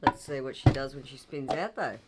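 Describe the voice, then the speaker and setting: A woman's voice: rumbling low, fairly quick, heavy background noise. A woman co-hosting a casual fluid art video, upbeat and enthusiastic, sounding tired. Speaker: co-host of a fluid art channel. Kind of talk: casual chat while demonstrating.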